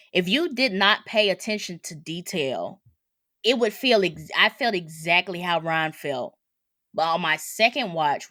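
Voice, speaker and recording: A woman's voice: lowish voice, fairly bright tone, no echo, clean studio sound. A woman co-hosting a podcast, casually and animatedly talking through movie details. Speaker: podcast co-host. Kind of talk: casual chat.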